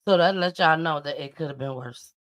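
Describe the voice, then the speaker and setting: A woman with a low voice speaks fairly quickly while hosting a casual commentary show. Reacting to news clips, she gives parents emphatic, preachy advice and keeps repeating her points.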